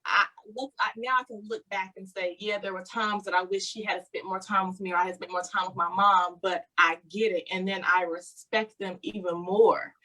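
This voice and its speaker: A woman's voice: mid-range voice, fairly even intonation, moderate pace, hardly any pauses, sharp tone, rough recording. A woman speaking in a reflective, conversational way on a casual chat panel about motherhood.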